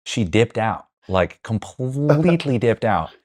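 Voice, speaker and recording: A man's voice: on the low side, very animated, slow pace, a little mellow. A man hosting a podcast, talking candidly with guests, blunt and swearing freely. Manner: blunt, swears freely, acts out quoted dialogue. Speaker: podcast host.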